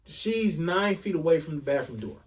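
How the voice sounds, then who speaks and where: A man casually telling an animated, profane story on a podcast, acting out the dialogue as he goes. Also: on the high side, moderate pace. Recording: voice a bit far from the mic.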